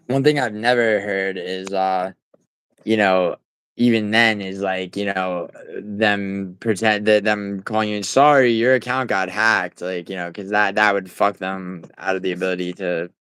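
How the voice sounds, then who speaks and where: A man's voice: on the low side, fairly even intonation, unhurried, fairly bright tone, clear, resonant tone, dry recording, poor audio. A man hosting a casual livestream, rambling with many fillers and restarts, swearing and answering chat. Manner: talks back to chat viewers. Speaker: livestream host.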